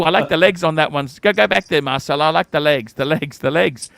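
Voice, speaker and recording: A man's voice: on the high side, expressive, fairly quick, vocal fry, few pauses, fairly bright tone, no room sound. A cantankerous man in his forties, hosting a livestream and ranting with heavy profanity. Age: 40s. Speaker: livestream host.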